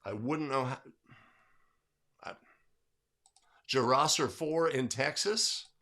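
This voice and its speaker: Upbeat bright-voiced man hosting a livestream. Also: medium pitch, slow pace. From California. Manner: upbeat, greets chat viewers by name. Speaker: livestream host. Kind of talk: casual livestream chat.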